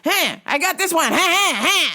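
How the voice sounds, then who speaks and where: A pushy old man customer nags nonstop, his voice pitched high and loud, as a woman puts him on in a story. He keeps cutting in with the same call again and again. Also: expressive, moderate pace, full character voice. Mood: pestering. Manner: repeats "hey buddy" insistently.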